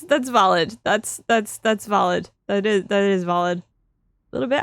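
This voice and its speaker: A woman streaming a video game, commenting excitably and repeating phrases over and over into a close microphone. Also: medium pitch, moderate pace, gravelly, dry recording. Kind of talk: let's play commentary.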